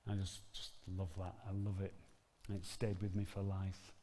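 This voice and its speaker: A man's voice: sits low, monotone, moderate pace, dark tone, in a large hall, slight background noise. A man preaching a sermon in an earnest, conversational storytelling manner. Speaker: pastor.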